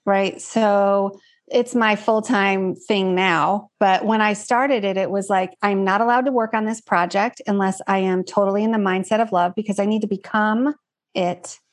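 Guest, woman; warm-hearted earnest talker, wandering phrasing. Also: mid-range voice, steady tone, normal speed. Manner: earnest, reflective, rambling with fillers. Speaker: guest, card deck creator. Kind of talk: casual interview chat.

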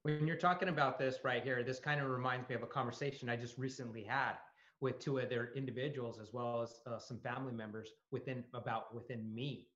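Bright-voiced man in a roomy, lo-fi recording. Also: mid-range voice, fairly even intonation, fairly quick. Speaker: podcast host. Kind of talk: casual interview conversation. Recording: roomy, lo-fi sound.

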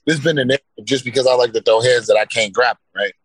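A man's voice: medium pitch, fast talker, husky, no room sound, poor audio. A man in a casual interview, talking laid-back and often asking "you know what I mean". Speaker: guest fighter.

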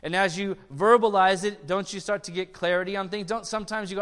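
A man's voice: sits high, steady tone, fast talker, fairly bright tone, in a large hall. A male pastor preaching a sermon in a conversational way, asking the congregation questions and slipping in light jokes.

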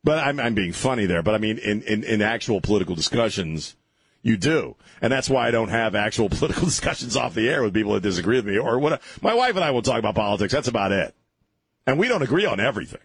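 Husky, ranting talk radio host. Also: male voice, lowish voice, big pitch swings, fast, no echo. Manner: ranting, sarcastic, restarts often. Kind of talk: opinionated talk radio monologue.

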